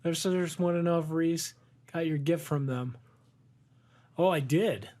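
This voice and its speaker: A man's voice: a little high, measured pace, dark tone. Playful man with a New York accent. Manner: playful, riffs on wordplay. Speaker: podcast co-host. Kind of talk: casual chat.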